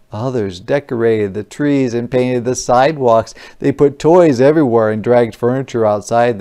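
A teacher reads a picture book to young children, explaining words and asking questions along the way. The delivery is unhurried and expressive. The voice carries a gravelly fry. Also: medium pitch. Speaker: kindergarten teacher. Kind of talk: interactive children's read-aloud.

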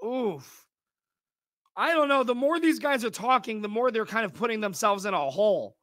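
A man hosting a reaction commentary, animated and mocking, breaking into laughs. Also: high voice, normal speed, no echo, clean studio sound. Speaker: commentary channel host. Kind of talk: reaction commentary on video clips.

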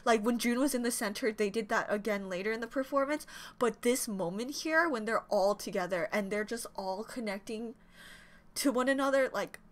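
A woman hosting a reaction video, gushing emotionally, swearing often and breaking into excited exclamations. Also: a little high, moderate pace. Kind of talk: casual reaction commentary. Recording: music playing behind. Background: music from the video she reacts to.

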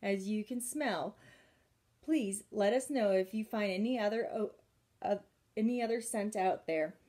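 A woman's voice: medium pitch, a little slow, dark tone, lightly acted. Polite flustered scientist man, storybook reading, woman reading him, mild voice.

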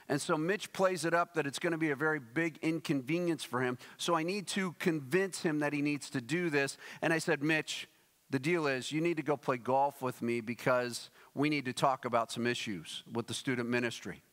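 A pastor preaches in a church sanctuary, his fairly high voice ringing with long reverb. He tells his story with animated flair and acts out the quoted voices before reading scripture.

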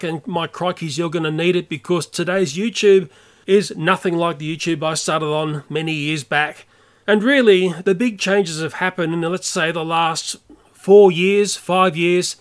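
An older Australian YouTuber delivering an earnest, opinionated rant to camera. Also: male voice, sits high. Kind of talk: ranting monologue to camera.

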